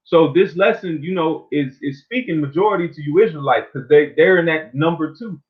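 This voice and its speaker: A man with a slightly high voice delivers an informal sermon. He reads scripture slowly and then explains it in loose, everyday talk, often tagging "man" onto his lines. The sound is narrow and tinny, like a phone line. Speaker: preacher.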